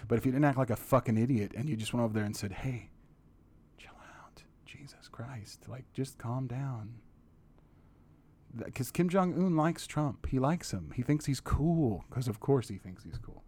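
A man's voice: mid-range voice, a little mellow. Profane ranting man. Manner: profane, ranting, mocking impressions. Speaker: podcast host. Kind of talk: solo podcast rant.

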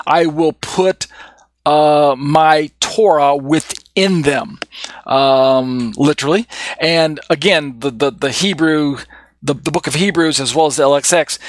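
A man teaching a Bible study, reading passages and commentary aloud and explaining them, often pausing on fillers and correcting himself. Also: fairly high pitch, no room sound. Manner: halting, full of fillers and self-corrections. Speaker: teacher leading a congregation's study.

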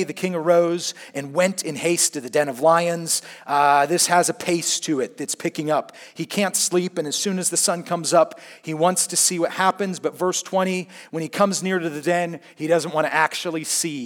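A man preaching a sermon, telling a story expressively and swinging between hushed asides and emphatic points. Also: on the high side. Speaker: pastor.

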